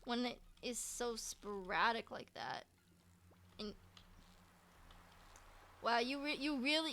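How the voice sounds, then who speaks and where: A woman's voice: high-pitched, expressive, slow, long pauses, pushed and bright. A woman streaming a video game, chatting casually and playfully repeating herself as she plays. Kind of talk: casual gameplay commentary.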